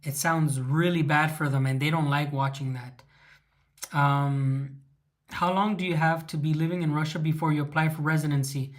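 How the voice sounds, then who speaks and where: At a normal pace and in a steady, slightly high voice, a man living in Russia hosts a relaxed livestream Q&A. His Chicano English accent traces back to Southern California; he rambles through viewer questions, stopping to restart lines and saying um often.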